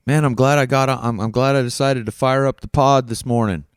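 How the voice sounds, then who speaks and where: A man's voice: medium pitch, fairly even intonation, brisk, smooth, no room sound, studio quality. Earnest man coaching through self-reflection. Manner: earnest, coaching, asks many questions; frank with casual swearing. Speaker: podcast host. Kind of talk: reflective self-help monologue.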